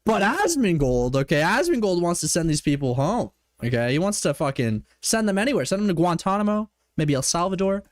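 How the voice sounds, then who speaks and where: A man from Canada streaming a casual reaction commentary, animated, profane and mocking. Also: sits high, a little fast, few pauses, dry recording, clean studio sound.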